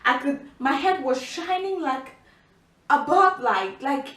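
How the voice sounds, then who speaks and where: Young woman vlogger, high voice, animated storyteller, roomy distant sound. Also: slow pace. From Cameroon. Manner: chatty, animated, many restarts and fillers. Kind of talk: casual storytelling to camera. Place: indoor room by a window.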